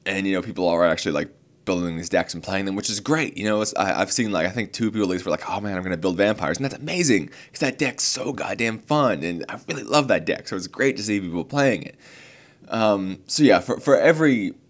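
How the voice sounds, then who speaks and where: A young man speaks casually to his viewers with a notably deep, low-pitched voice. He rambles, restarts sentences and leans on fillers, sounding earnest and a little exasperated. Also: animated, fairly quick. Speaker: card game channel host. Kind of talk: casual talk to camera.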